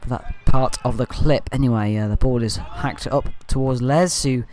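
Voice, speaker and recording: Male fan commentator, mid-pitched, loose amateur match voice-over, keeps moving on with "anyway". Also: normal speed. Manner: rambling, leans on "anyway" and "uh" to move on; partisan, with excited bursts at good play.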